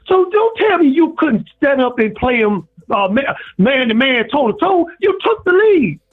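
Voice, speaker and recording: A man's voice: very high-pitched, big pitch swings, moderate pace. A man calling in to a show, delivering a preachy, repetitive, sermon-like rant over the phone. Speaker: caller. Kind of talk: impassioned call-in rant. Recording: tinny phone line.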